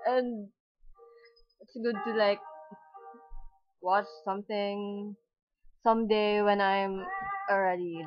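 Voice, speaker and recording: A heartbroken young woman, rambling in a casual confessional vlog, self-mocking and breaking into mock yelling. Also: medium pitch, steady tone, slow, dry recording, highs cut off, soft background music.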